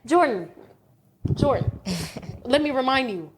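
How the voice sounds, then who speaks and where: A woman, telling a story on a podcast in a casual, animated, profane rant. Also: high voice, slow, noisy background. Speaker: podcast co-host.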